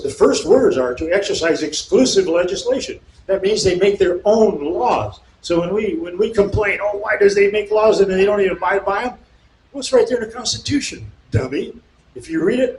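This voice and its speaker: A man reading aloud and explaining to an audience, indignant and fired-up, with mocking asides and bursts of shouting. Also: high-pitched. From California. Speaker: speaker at a local meeting. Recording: echoey room with faint background noise.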